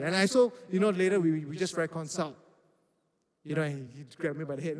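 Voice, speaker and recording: A man's voice: on the high side, fairly quick. A man who preaches to youth and acts out the quotes in his stories. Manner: animated storytelling with acted-out quotes. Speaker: youth pastor. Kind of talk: sermon. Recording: reverberant hall.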